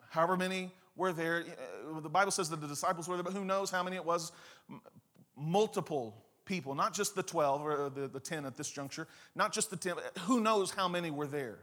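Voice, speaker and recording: Animated high-voiced preacher man. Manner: animated storyteller, acts out scenes and quotes. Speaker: pastor. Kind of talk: sermon with storytelling.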